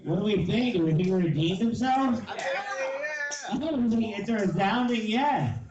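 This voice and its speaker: Male comedy host, brash crowd work; higher voice, distant mic, crowd loud behind. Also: expressive, normal speed, roomy sound, dull audio. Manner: brash, heckles back. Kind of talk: hosting a comedy show, bantering with the crowd.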